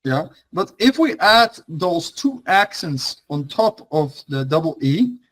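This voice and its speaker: A young man teaching an online class, his voice sitting a little high. He talks slowly and loosely, with plenty of fillers and restarts as he thinks aloud. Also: sing-song, fairly bright tone, low-quality recording. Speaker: language teacher.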